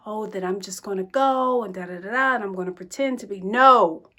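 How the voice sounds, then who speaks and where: A woman's voice: medium pitch, brisk, pushed and bright, natural voice. An actress playing a flamboyant, flirtatious woman larper who sprinkles French phrases into her theatrical talk, in a comedic video-call sketch. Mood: showy.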